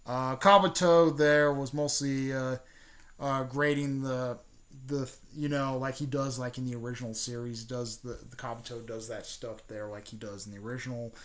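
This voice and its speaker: A man's voice: mid-range voice, fairly even intonation, normal speed. A man casually retelling a fan story, rambling with many fillers and restarts.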